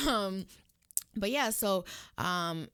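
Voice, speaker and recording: A woman's voice: mid-range voice, animated, drawn-out words, a bit bright, clear, resonant tone, dry recording, studio quality. A young woman with a Caribbean Spanish accent talking casually to her viewers, rambling and going off on tangents. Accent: Hispanic Caribbean. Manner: chatty, rambling, addresses viewers directly. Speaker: vlogger. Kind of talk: casual personal vlog talk.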